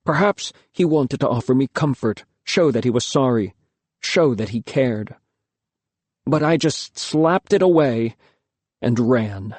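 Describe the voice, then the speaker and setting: A man reads a first-person story in a measured, expressive way. His middle-pitched voice moves lively through the lines, recorded close and dry with no room echo. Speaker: audiobook narrator. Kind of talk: scripted first-person narration.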